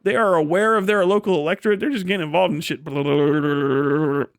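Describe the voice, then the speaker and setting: High-voiced man ranting profanely on stream. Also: rapid-fire, fairly bright tone, dry recording, clean studio sound. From Ohio, USA. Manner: profane, heated, laughing. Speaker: live streamer. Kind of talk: casual ranting monologue.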